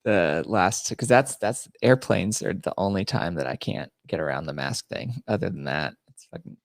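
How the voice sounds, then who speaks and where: A man's voice: low-pitched, normal speed, vocal fry, no echo, clean studio sound. A man hosting a podcast in casual chat, telling crude, mocking stories and laughing often. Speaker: podcast host.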